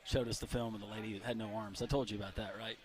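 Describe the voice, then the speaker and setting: A man's voice: lowish voice, little pitch movement, very fast, a crowd in the background. A married man co-hosting a sports radio show, joking and laughing easily in casual chat. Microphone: studio microphone.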